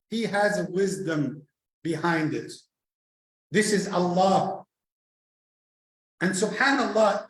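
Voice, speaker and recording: High-voiced imam telling a story. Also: male voice, reverberant, low-quality recording. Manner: storytelling, repeats phrases, acts out quoted exchanges. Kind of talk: sermon reflection with personal story. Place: mosque prayer hall.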